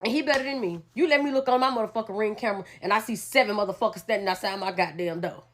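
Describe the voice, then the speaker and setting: A woman's voice: mid-range voice, rapid-fire. A woman giving brash, profane reaction commentary. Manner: profane, brash, animated ranting.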